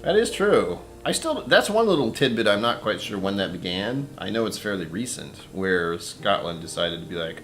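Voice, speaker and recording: A man's voice: fairly low pitch, sing-song, normal speed, few pauses, a bit bright, faint music behind. A man hosting a casual whiskey-tasting livestream from his apartment, rambling, talking to himself and chuckling often.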